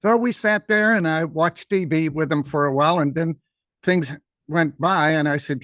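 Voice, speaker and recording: Older guy rambling thru an old story, slightly high voice, dry close mic. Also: normal speed, fairly bright tone, no echo. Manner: rambling, folksy. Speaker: guest. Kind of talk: personal storytelling.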